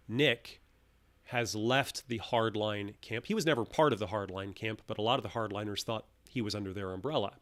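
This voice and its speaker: Man, solo commentary host, emphatic, animated, mid-pitched voice. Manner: animated, emphatic asides with restarts. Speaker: channel host.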